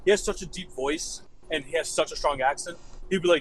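A man's voice: a little high, slight background noise, rough recording. A man chatting on a casual podcast, telling rambling stories and drawing out his words. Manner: rambling storyteller, drawn-out words. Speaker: podcast co-host. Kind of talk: casual group banter.

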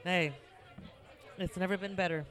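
A woman's voice: fairly low pitch, fairly even intonation, normal speed, a bit bright, soft background music, a faint crowd. A woman hosting a podcast in casual chat, telling stories animatedly, acting out both sides and swearing freely. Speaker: podcast host.

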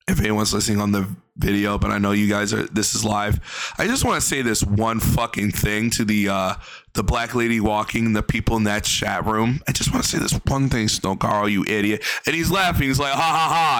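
A man's voice: on the low side, fairly quick, fairly bright tone. A man giving blunt, profane commentary on a livestream, ranting in exasperation.

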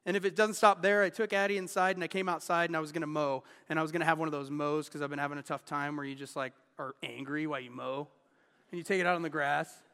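A man's voice: fairly high pitch, steady tone, fast, pushed and bright, clean tone, long reverb tail. A man in his thirties giving a sermon as pastor, telling personal stories in an earnest, candid way. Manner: earnest, candid storytelling with restarts.

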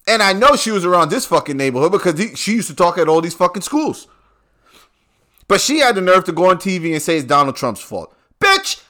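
A man's voice: a little high, a bit bright. A man delivering a casual, profane rant to his viewers in street slang.

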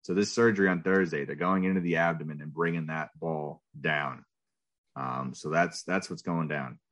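A man in his thirties co-hosting a podcast in casual chat, talking about his young son in a laid-back, halting way. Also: extremely low pitch, steady tone, a bit bright. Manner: laid-back, hesitant with fillers. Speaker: podcast co-host.

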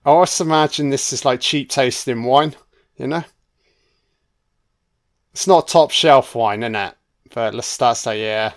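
A man's voice: mid-range voice, a little slow, long pauses. A man giving a casual, crude audio commentary while watching a film. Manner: crude, chatty, sweary.

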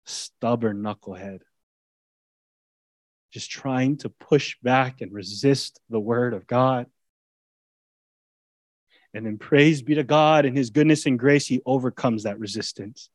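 A man preaching a sermon as a pastor, speaking in a conversational way that swings between loud, emphatic lines and quiet, intimate asides. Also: mid-range voice, takes it slowly, long pauses, dry recording. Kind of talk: expository sermon.

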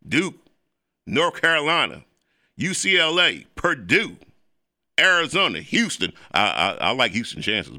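A man hosting a show as a preacher, delivering an emphatic, repetitive preaching monologue that turns excitable when it moves to sports. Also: medium pitch, dry recording, clean studio sound. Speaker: preacher and host.

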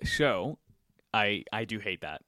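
A man's voice: fairly low pitch, sing-song, takes it slowly, bright, forceful tone, no room sound, studio quality. A young man co-hosting a podcast, teasing and prodding his friends in a pushy, profane casual chat. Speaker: podcast co-host.

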